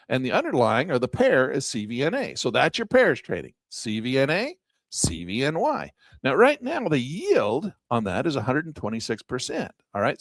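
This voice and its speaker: A man teaching high-yield investing as he walks through calculators on screen, animated and repetitive, with self-mocking asides. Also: dry recording. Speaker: finance educator. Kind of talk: casual screen-share tutorial.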